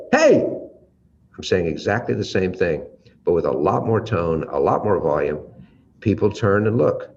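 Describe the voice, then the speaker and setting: An American man giving a leadership lesson on using the voice, shifting his volume and pace to demonstrate and stretching out his pauses. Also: low voice, darkish tone. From United States. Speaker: leadership trainer. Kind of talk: teaching talk with vocal demonstrations. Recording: slightly dull audio with faint ambient noise.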